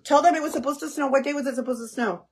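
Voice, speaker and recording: A woman's voice: sits high, rapid-fire. A mother chatting casually in a cooking vlog, talking to her viewers and her child while she cooks at home. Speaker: home cook vlogger, mother. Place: home kitchen. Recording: background kitchen noise.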